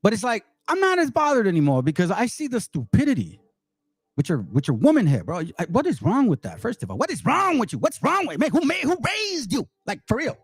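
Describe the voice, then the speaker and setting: A man from Peru giving casual reaction commentary, animated and talking straight to his viewers. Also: very high voice, brisk, slightly rough, dry recording. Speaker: channel host.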